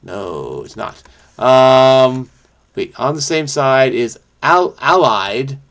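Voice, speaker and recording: A man thinking aloud as he solves a crossword, muttering to himself with many fillers and self-corrections, quick bursts between slower musing. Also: mid-range voice, animated, creaky, a bit bright. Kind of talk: thinking aloud while solving.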